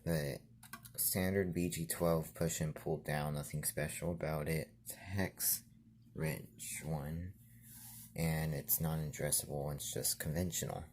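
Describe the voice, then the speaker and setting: A man's voice: very deep voice, steady tone, a little mellow, a little hiss or hum. A man casually walking through his fire alarm setup in his bedroom, explaining each device plainly and sometimes stumbling over his words. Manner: plain, unhurried explaining with restarts. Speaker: fire alarm hobbyist vlogger. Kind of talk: casual show-and-tell narration. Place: bedroom in an apartment.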